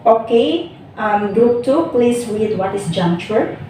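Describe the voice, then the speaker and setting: Young female student teacher, slow and repetitive delivery, distant mic, heavy room echo. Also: a little high, expressive. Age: young adult. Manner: explains slowly, repeats words for emphasis. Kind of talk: classroom teaching demonstration. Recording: echoey room from far off, faint noise.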